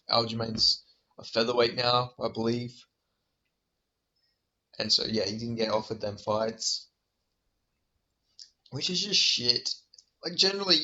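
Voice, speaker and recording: A man's voice: medium pitch, bright, forceful tone, lo-fi sound. A man ranting in a vlog about fighters, heated, profane and exasperated, firing off rhetorical questions. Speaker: MMA commentator.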